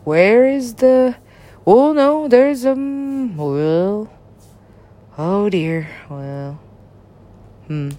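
A woman's voice: lively intonation, drawn-out words, long pauses, mellow. Rambling, swearing woman in casual chat. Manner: rambling, frequent laughter, profane asides, big swings in pitch.

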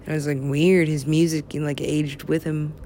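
A woman's voice: sits low, level tone, normal speed, mellow, a little hiss or hum. A young woman rambling to herself in a loose, profane way, now and then dropping into a whisper. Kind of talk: rambling solo talk.

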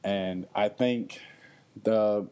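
A man's voice: on the low side, steady tone, drawn-out words, a little mellow, clean tone. A young man hosting a podcast, talking earnestly and reflectively to listeners, often checking in with "okay?" and at times getting emotional. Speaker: podcast host. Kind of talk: reflective solo podcast talk.

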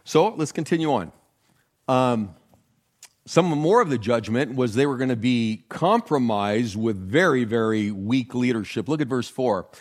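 An older man, a pastor, preaching a sermon with jokes, jumping up in pitch to stress words. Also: measured pace. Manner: animated, jokey, leaps in pitch for emphasis.

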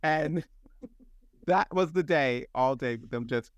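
A man, a guest on a podcast, telling funny stories from his teaching in a lively way, laughing along. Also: fairly high pitch, slow, smooth, no room sound, muffled recording. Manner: lively storyteller, laughs while telling anecdotes. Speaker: guest, photographic artist and substitute teacher. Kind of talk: casual chat.

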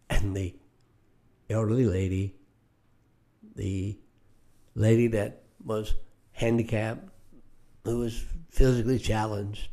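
Unhurried and dark-toned, this older man speaks at a fairly low, steady pitch with long pauses. Teaching scripture on the radio, he preaches earnestly and tends to repeat words when starting a phrase.

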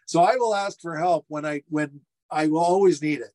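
A middle-aged man, a restaurateur guest, telling lively anecdotes on a video call from his home furnace room and acting out the quotes. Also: a little high, moderate pace. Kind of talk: casual storytelling interview.

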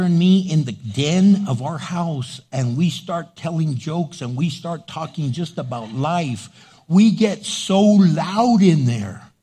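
A middle-aged man preaching a sermon as pastor, loud and animated, acting out little voices to make his points. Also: a little high, slightly rough.

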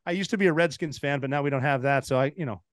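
A man in his forties from the United States, a podcast guest telling animated stories in casual chat, with restarts and laughs. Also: fairly high pitch, very fast, no echo, clean studio sound. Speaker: podcast guest, former Navy SEAL.

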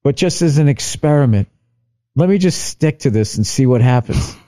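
A middle-aged man, a stand-up comedian, telling a story casually on a podcast, profane and animated as he acts out both sides of an argument. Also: mid-range voice, moderate pace.

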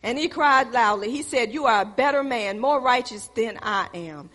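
Woman preacher, fervent sermon, bright tone, reverberant hall. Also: a little high, moderate pace. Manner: preaching with rising fervor, addressing the congregation.

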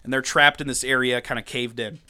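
A man co-hosting a podcast, recapping a comic in casual chat, animated, laughing often and swearing freely. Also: mid-range voice, fairly quick, smooth. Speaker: podcast co-host.

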